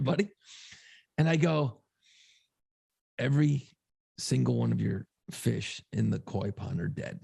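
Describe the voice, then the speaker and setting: Gravelly, profane man telling a story. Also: medium pitch, moderate pace, long pauses, a little mellow. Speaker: podcast co-host. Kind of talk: casual storytelling chat.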